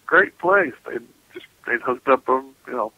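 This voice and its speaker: A man's voice: medium pitch, little pitch movement, normal speed, husky, no echo. A man, a paranormal investigator, telling stories as a guest in a casual radio interview. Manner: casual, laughing, folksy storyteller. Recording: muffled radio call audio.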